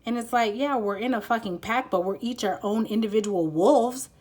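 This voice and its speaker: A woman doing a casual tarot reading speaks at a moderate pace in a fairly high, slightly mellow voice. She rambles, says "like" constantly, cuts herself off, swears freely, and apologizes often.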